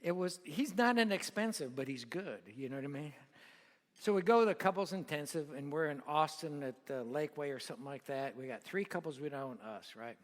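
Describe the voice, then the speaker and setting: An older man emcees a luncheon in a blunt, folksy way, joking with the crowd and telling stories about himself. His voice sits fairly high for a man. The sound carries the long reverb of a large hall. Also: lively intonation, a little fast. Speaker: luncheon emcee introducing the guest speaker. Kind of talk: casual announcements and personal storytelling.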